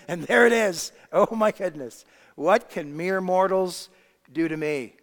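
A pastor preaching a sermon, swinging between loud emphasis and hushed quiet. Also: male voice, high-pitched, a little slow. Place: church sanctuary. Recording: long hall reverb.

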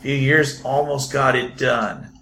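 A man voicing a rambling male bar owner who tinkers with his bike, halting and full of ums and restarts, in an echoey room. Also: mid-range voice, little pitch movement, gravelly, a bit bright, a little hiss or hum. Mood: musing.

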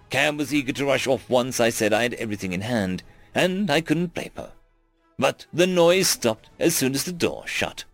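A man narrating a first-person science fiction story in a wry, expressive way. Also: medium pitch. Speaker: audiobook narrator.

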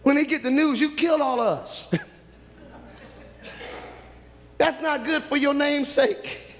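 A man preaching, voicing Moses pleading with God, rising to shouts, in a reverberant hall. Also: very high-pitched, takes it slowly, voice pushed up, heavily acted. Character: Moses, pleading humble male servant.

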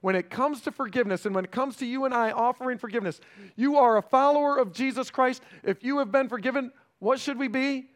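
A pastor preaching a sermon in a conversational way, often checking in with the congregation and dropping to a hushed, slow delivery for emphasis. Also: male voice, very high voice. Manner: swings between raised emphasis and hushed, slowed delivery.

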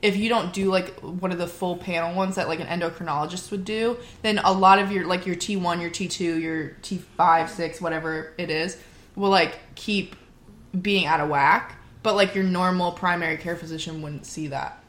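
A woman's voice: lowish voice, fairly even intonation, fairly bright tone, reverberant. A young woman in casual chat who talks a lot, fills her speech with "like" and laughs easily. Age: young adult. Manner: chatty, lots of "like", quick laughs.

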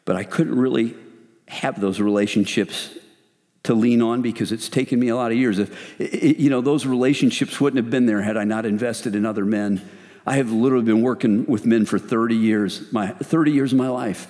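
A middle-aged man leading a men's ministry, preaching in an earnest, conversational way with animated retellings. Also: medium pitch, brisk. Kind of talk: sermon. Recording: long hall reverb.

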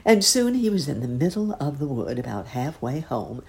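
A woman's voice: a bass voice, big pitch swings, moderate pace, creaky, a little mellow. A woman reading a children's story aloud in a lilting storybook narration.

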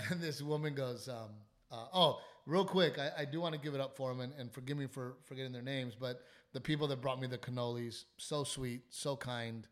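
A man who hosts a podcast, worn down by illness and lost sleep, tells a wild story in casual chat. He swears freely, trails off and restarts his sentences. His voice sits at an ordinary middle pitch. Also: brisk, few pauses. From South Texas. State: sick, short on sleep. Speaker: comedian and podcast host.

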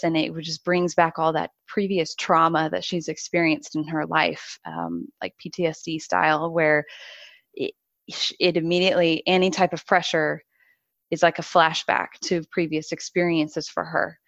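A woman's voice: low voice, normal speed, a bit bright, no room sound, dull audio. A woman who trains horses, talking in a friendly, rambling way with frequent laughs in casual conversation.

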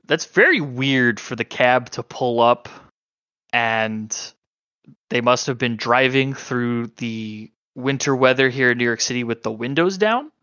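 A man runs a tabletop horror game at an unhurried pace, pausing often and filling the gaps with ums. His voice is bright and smooth but sounds a little dull and lo-fi, in a dry room. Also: mid-range voice, no echo. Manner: halting, hesitant narration with many fillers. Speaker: game master.

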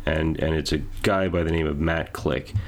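Gravelly deep-voiced man chatting. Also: fairly even intonation, normal speed. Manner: rambling, many restarts. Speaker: podcast co-host. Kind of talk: casual roundtable chat.

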